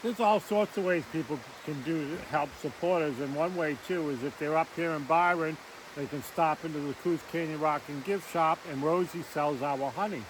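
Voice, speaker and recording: Teasing New co-host outdoors. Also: female voice, deep voice, normal speed. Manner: playful, teasing. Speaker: vlog co-host. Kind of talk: casual outdoor vlog. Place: riverbank outdoors. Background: flowing stream and passing traffic.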